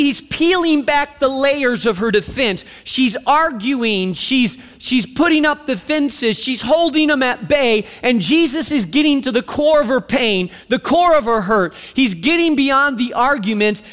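A man preaching a sermon, retelling a story with animated, sarcastic acted-out voices. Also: very high-pitched, in a large hall.

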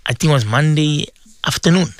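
A middle-aged man gives a devotional talk on the radio in a somewhat high voice. He is insistent and pleading and circles back over the same words again and again. He keeps asking the audience direct questions, and the sound is close and dry. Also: fairly quick, no room sound. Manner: emphatic and pleading, repeating words and phrases; addresses listeners directly with questions. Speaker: radio preacher and host.

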